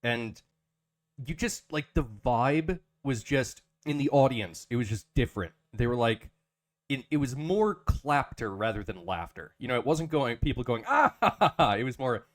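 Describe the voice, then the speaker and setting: A man hosting a casual podcast, talking in halting bursts with many restarts and fillers, reading an ad in a joking tone. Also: medium pitch, lively intonation. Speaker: podcast host.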